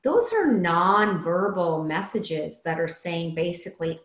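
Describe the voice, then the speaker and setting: A middle-aged woman speaks as a coach, loose and conversational, full of fillers and sudden stresses. Her voice sits on the low side, and the room around her rings with echo. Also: lively intonation, measured pace, fairly bright tone. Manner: conversational, many fillers, varied emphasis. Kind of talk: talk on empathy habits.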